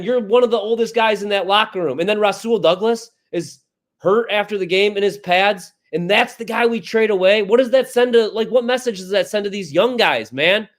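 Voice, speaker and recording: Fired-up high-voiced sports radio man. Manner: fired-up ranting, exasperated. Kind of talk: heated sports talk. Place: radio studio.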